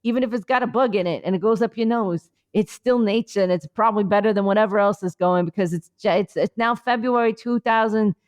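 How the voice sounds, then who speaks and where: A woman's voice: medium pitch, fairly quick, few pauses, darkish tone. A woman co-hosting a comedy podcast remotely, rambling through a mock-earnest mindfulness bit with many fillers. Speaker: podcast co-host. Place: remote, on vacation.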